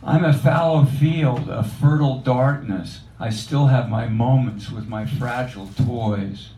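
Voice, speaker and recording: A man reading his own poetry aloud in a measured, reflective recitation at a cafe open mic. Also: mid-range voice, warm tone. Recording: echoey cafe room.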